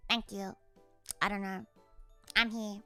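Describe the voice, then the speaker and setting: A woman's voice: mid-range voice, flat delivery, takes it slowly, sharp tone, clear, resonant tone, faint music behind. A young woman who is a virtual idol, chatting casually with viewers on a livestream in a playful, teasing, mock-grumpy way and dropping in Japanese phrases.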